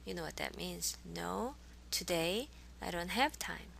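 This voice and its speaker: A woman with a gravelly, bright voice teaches a language class. She says each model phrase slowly, over-enunciates it and then repeats it for her students. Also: lowish voice, animated. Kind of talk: language lesson.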